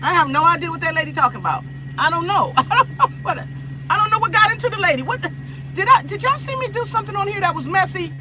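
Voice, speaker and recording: A woman's voice: extremely high pitch, lively intonation, quick pace, low-quality recording. A woman from Los Angeles chatting casually with viewers on a phone livestream, repeating herself and laughing often. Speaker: livestream host.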